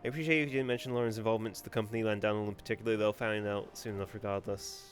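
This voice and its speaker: A man's voice: fairly low pitch, fairly even intonation, rapid-fire, close to an everyday voice. A man reading the formal lines of a male officer from a game, with faint music behind.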